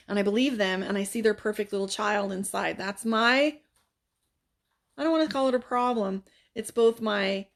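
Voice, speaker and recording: Blunt, profane woman telling a story. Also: mid-range voice. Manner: blunt, profane, animated retelling. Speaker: life coach. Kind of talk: candid personal storytelling. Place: her living room, seated on a couch.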